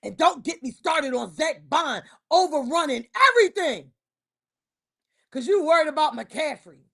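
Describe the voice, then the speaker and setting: A woman with a very high voice rants on a livestream. She's heated and exasperated, trash-talking her team's players and coaches. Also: lively intonation, a little slow, vocal fry, fairly bright tone. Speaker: livestream host. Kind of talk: ranting sports reaction livestream. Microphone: streaming mic.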